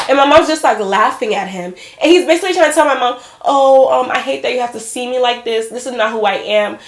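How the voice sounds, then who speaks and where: A woman's voice: on the high side, quick pace, hardly any pauses, roomy sound. Chatty young woman telling a storytime. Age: 20s. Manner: animated, addresses viewers as y'all and girl. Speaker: vlogger. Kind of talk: casual storytime chat.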